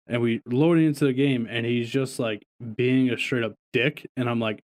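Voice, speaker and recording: A male podcast co-host in a casual chat, telling stories with loose, profane humor. He laughs often as he talks, and his pitch sits in a middle range for a man. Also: fairly even intonation, moderate pace, hardly any pauses.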